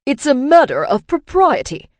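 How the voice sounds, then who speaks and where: A woman's voice: on the low side, animated, moderate pace, darkish tone, no room sound. Woman voicing a pompous older council man. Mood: indignant. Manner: condescending, bellowing.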